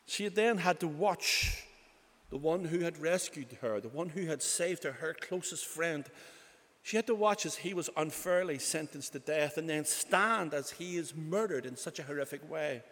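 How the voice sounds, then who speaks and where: A man delivers a sermon in an earnest storytelling manner, leaning on repeated phrases for weight. His voice sits high for a man. The sound carries a long reverb, as in a large hall. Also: lively intonation, moderate pace, a bit bright. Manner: earnest storytelling, retelling scripture with emphatic repetition. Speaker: preacher.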